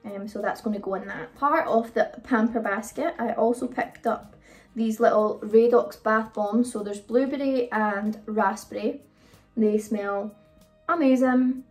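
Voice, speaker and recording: A British woman talks through her shopping haul in a loose, rambling way, full of ums and asides. Her voice sits a touch high and is picked up from a little distance, with faint music playing underneath. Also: a little slow, a little mellow. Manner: chatty, rambling, frequent ums. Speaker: vlogger. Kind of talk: casual haul video chat. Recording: voice a bit far from the mic, faint music.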